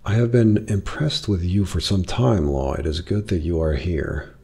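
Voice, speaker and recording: A man reading the lines of a formal, commanding wealthy father who speaks stiffly and in measured phrases. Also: low-pitched, vocal fry, warm tone, slightly rough, full character voice. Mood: stern.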